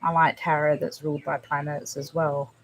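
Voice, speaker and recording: A woman with a lowish voice hosts a casual livestream chat, talking straight to her viewers. She speaks softly and haltingly, often restarting her sentences, and her talk stays close to emotion. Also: flat delivery, slight background noise. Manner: emotional, halting, soft-spoken with frequent restarts. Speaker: livestream host.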